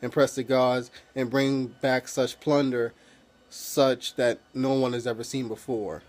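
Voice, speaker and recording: A man's voice: medium pitch, level tone, a little slow, a little mellow. A man casually recapping a TV episode as a reviewer, rambling with many fillers and swearing freely.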